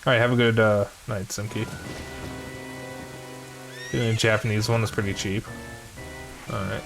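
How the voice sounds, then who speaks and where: A man's voice: on the low side, little pitch movement, moderate pace, vocal fry, over music. A man streaming a video game, chatting casually in a rambling, offhand way. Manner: rambling, offhand, self-deprecating.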